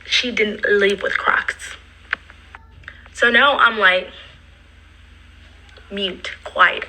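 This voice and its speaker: A woman's voice: mid-range voice, creaky, husky, rough recording. A young woman casually retelling a personal story, acting out the quotes and dropping into whispered asides. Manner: animated, acts out quotes, drops to whispered asides.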